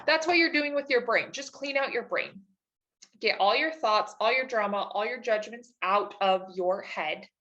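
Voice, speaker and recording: A woman's voice: a little high, normal speed, sharp tone, muffled recording. Upbeat, chatty woman life coach. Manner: upbeat, enthusiastic and encouraging; chatty, with frequent "like" and "right?". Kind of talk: live webinar coaching.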